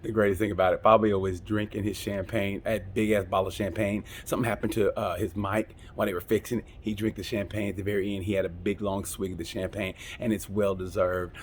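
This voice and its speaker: A man's voice: fairly low pitch, level tone, quick pace, few pauses, a little hiss or hum. A man hosting a casual, comedic race review, rambling and joking with frequent restarts. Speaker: motorsport review host.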